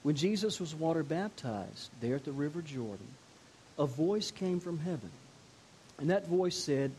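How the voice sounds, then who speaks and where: An older male pastor delivers a sermon in a slightly high voice, moving from hushed, personal storytelling to slow, emphatic declarations. A faint hiss sits under the recording. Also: animated, low-quality recording. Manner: storytelling preacher, shifting between quiet intimacy and emphatic declarations.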